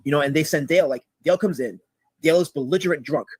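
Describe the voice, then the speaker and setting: A man with a husky, slightly raised voice tells a long story in a casual, rambling way, dropping in frequent "you know" asides. He sounds close and dry, with no room around him. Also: on the high side, fast talker, dry recording, poor audio. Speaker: guest telling a story. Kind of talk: casual storytelling on a call-in show.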